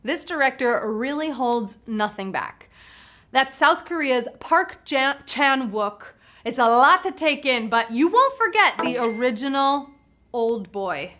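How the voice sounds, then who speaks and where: A woman's voice: high voice, animated, measured pace, sharp tone. A woman hosting a live trivia game show, bubbly and playful, reading questions and hyping up the players.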